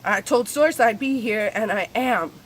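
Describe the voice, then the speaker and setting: A woman talking candidly in a personal spiritual vlog, confessional and swearing freely, her voice swinging between soft and loud. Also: fairly high pitch, animated, measured pace, slight background noise. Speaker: spiritual vlogger.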